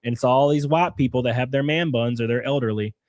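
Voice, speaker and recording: A man hosting a livestream while sick. He reacts to clips in loose, profane banter. His voice sits at a middling pitch, and the recording is dry with no room sound. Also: fast talker, darkish tone, dry recording. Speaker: livestream host. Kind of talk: casual chat reacting to videos.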